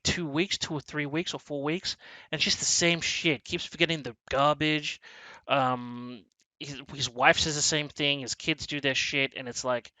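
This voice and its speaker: A man hosting a casual movie review chat, animated and swearing freely as he acts out scenes. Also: on the high side, no room sound, poor audio. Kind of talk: casual film discussion.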